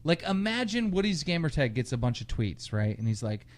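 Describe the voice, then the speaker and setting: A man co-hosting a casual podcast, a bit tipsy, loud and laughing, telling stories with crude language. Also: on the high side, sing-song, brisk. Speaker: podcast co-host. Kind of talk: casual drunk podcast chat.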